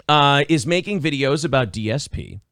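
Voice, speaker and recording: Sarcastic male show host, animated, fairly high voice, dry close sound. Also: a little slow, no echo. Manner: profane, sarcastic, loud outbursts. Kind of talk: live-stream talk show chat.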